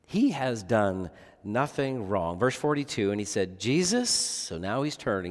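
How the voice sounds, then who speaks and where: A man preaching a sermon as pastor, earnest, often asking the listeners rhetorical questions. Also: mid-range voice. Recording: long reverb of a large hall.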